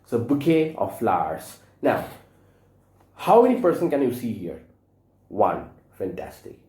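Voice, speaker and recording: A man's voice: mid-range voice, very animated, a little slow, dark tone, roomy sound. A male teacher giving an online grammar lesson to young children, patiently spelling out words letter by letter and asking them to repeat after him.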